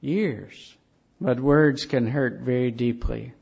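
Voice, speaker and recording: A man preaching a sermon, telling stories in slow, emphatic phrases. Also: medium pitch, vocal fry, darkish tone, slightly rough. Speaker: pastor. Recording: dull lo-fi recording.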